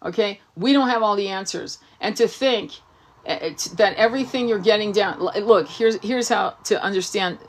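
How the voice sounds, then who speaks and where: A woman hosting a spiritual livestream, talking straight into the camera about healers and boundaries. She is blunt and profane and leans hard on rhetorical questions. Her voice sits at an ordinary middle pitch. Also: normal speed. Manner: blunt, emphatic, swears often, rhetorical questions. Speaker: tarot reader and spiritual coach. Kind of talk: livestream talk answering comments.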